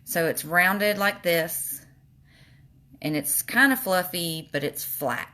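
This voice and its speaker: A woman's voice: on the low side, slow pace, sharp tone. A woman with a slight lisp, chatting casually while showing makeup on a livestream. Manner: chatty, reads viewer comments aloud.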